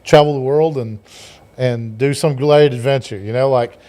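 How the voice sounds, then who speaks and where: A man's voice: medium pitch, fairly even intonation, moderate pace, warm tone. A man from Texas with a southern drawl, an easygoing guest in a casual interview. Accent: Texan southern drawl. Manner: easygoing, loose phrasing. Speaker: guest filmmaker.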